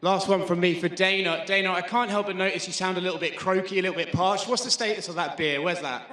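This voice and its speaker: A man's voice: high-pitched, quick pace, sharp tone, reverberant. A man asking questions as a reporter at a press conference, joking and teasing.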